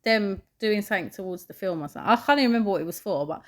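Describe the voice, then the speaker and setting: A woman, co-hosting a podcast in relaxed, chatty, slangy talk. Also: medium pitch, racing. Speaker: podcast co-host. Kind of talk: casual chat.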